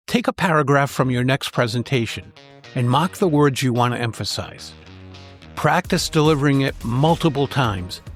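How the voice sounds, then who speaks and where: A man hosts a short lesson on public speaking, his voice steady and mid-range as he walks through the material. He speaks in a clear, measured way and leans on key words to show how stress changes meaning. The sound is close and dry, with soft music faint in the background. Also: mid-range voice, dry recording. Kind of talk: scripted podcast lesson.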